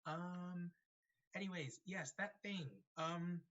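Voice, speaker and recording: A man's voice: sits high, steady tone, slow, fairly bright tone, lo-fi sound, voice pushed up. A man voicing a small, flustered female gnome who keeps apologizing and talks in a hurry. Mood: apologetic.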